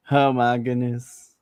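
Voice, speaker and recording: A woman's voice: extremely low pitch, darkish tone. A woman co-hosting a live wrestling watchalong podcast, laughing often and cheering at the screen. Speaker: podcast co-host.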